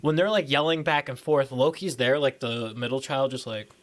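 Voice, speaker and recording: A young man co-hosting a podcast in casual chat, animated and acting out quotes with exaggerated voices. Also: mid-range voice, normal speed. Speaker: podcast co-host.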